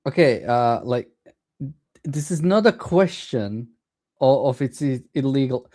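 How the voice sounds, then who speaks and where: A male co-host reacting to clips in a casual chat, indignant and quick to jump in. His voice is mellow and warm, at a middle pitch. Keyboard typing clatters in the background. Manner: excitable, indignant, lots of "like".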